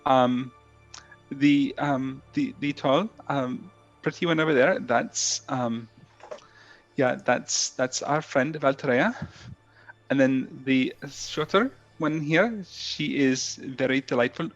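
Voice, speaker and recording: Man, tabletop player in character, lots of ums, mid pitch, soft music behind. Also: slow pace, dull audio. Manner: hesitant, full of ums. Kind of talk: in-character tabletop role-play.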